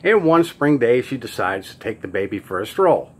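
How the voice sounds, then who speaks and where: A man with a New York accent telling jokes and stories in a casual monologue, jumping into high squeaky voices for the characters. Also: very animated, moderate pace.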